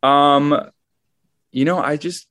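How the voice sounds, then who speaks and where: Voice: mid-range voice, fairly even intonation, slow, a bit bright. A guest who works as an actor, chatting casually and easily about dating. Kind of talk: casual chat.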